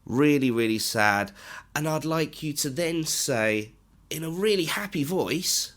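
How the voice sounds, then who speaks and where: A man teaching an online training module, lively and instructive, often jumping up in pitch to stress points. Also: a little slow. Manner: animated, instructive, pitch jumps up for emphasis. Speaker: corporate trainer. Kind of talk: online training lecture with demonstration.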